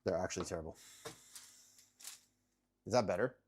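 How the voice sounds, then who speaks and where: A man with a deep, low voice chats loosely with his viewers on a home live stream. He talks through his workout and tells off his cats now and then, with the cats heard in the background. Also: moderate pace, darkish tone, a little hiss or hum. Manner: chatty, talks to viewers and cats while working out. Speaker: livestreamer. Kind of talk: casual live-stream chat. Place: home, kitchen corner.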